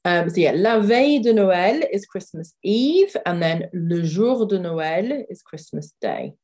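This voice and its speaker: A woman from the UK talks through a vocabulary lesson for a podcast in a relaxed, chatty way. Her voice sits a little low, and she fills gaps with ums and uhs. She slows right down to repeat each word carefully for learners. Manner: chatty, with many fillers, slow careful repetition of words. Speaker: French teacher.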